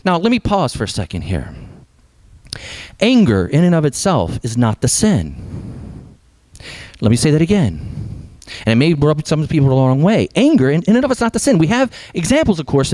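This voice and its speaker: A young adult man preaching a sermon as pastor, animated, sometimes dropping to a hush for emphasis. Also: on the high side, brisk, no room sound.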